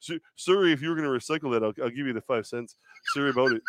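A man's voice: mid-range voice, rapid-fire, no echo, natural voice. A man doing a comic impression of a boozy, overly apologetic male basketball coach in a put-on Canadian accent, mumbling and saying sorry.

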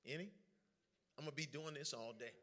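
A man preaching a lively sermon, joking with the congregation and calling for their responses. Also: fairly high pitch, fairly quick. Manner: lively, joking, drawls informal speech.

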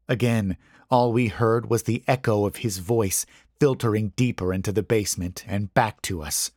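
A man with a fairly low voice reads a first-person horror story in a measured, suspenseful way. The recording is dry and close, with no room sound. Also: dry recording. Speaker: story narrator. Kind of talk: scripted horror narration.

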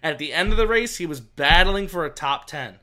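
A man with a high, bright voice co-hosts a casual podcast. He rambles eagerly, restarting sentences as he goes. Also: fairly quick. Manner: excited, rambling, many restarts. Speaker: podcast co-host. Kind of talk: casual racing chat.

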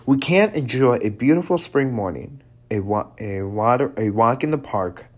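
A man's voice: medium pitch, expressive. Earnest man preaching a devotional. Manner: earnest, with halting restarts and quiet drops. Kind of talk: devotional sermon reading scripture.

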